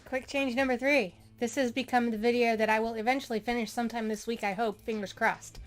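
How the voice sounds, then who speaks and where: A woman's voice: on the high side, fairly even intonation, fairly quick, soft background music. A woman hosting a casual video, reading out posts with chatty, sarcastic commentary. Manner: sarcastic, chatty, laughing asides. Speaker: video host.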